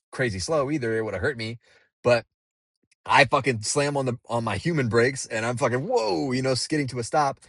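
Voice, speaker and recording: A man's voice: fairly low pitch, fairly bright tone, no room sound, clean studio sound. A man telling a story to the camera in a casual, rambling way, swearing freely and using lots of fillers. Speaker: delivery driver.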